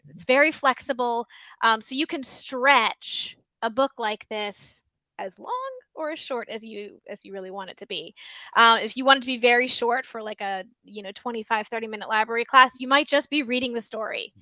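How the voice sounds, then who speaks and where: Bright, chatty woman librarian. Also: on the high side, moderate pace, dry recording, rough recording. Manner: chatty, many ums, explains by example. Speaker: school librarian. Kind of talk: teaching tips with a read-aloud.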